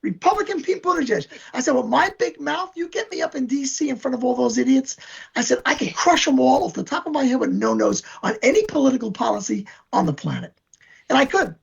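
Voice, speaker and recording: A man's voice: extremely high pitch, sing-song, a little fast, creaky, breathy edge. An older man, chatting as an interview guest and telling long boastful stories in a rambling way. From New York. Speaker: band member, guest. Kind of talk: casual chat. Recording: dull lo-fi recording.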